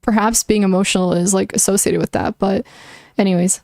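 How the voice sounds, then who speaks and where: A young woman chats on a livestream, mid-pitched and plainly earnest as she works through her opinions out loud. She hedges with likes and restarts her sentences. The sound is close and dry, with no room around it. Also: steady tone, a little fast, no room sound. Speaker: streamer. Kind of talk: casual livestream chat answering viewers.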